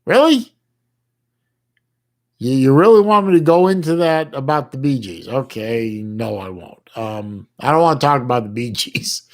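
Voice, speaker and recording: Medium in pitch with lively intonation, a middle-aged American man hosts a livestream and chats casually while reading his chat. He keeps restarting his sentences haltingly and drops in folksy slang.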